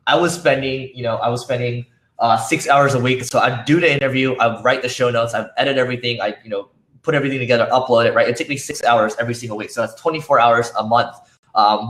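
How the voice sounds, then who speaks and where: A man's voice: medium pitch, fairly bright tone. A man speaking at a conference, talking casually with many fillers and restarts, his voice worn from use. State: losing his voice. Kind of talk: conference talk. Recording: roomy echo.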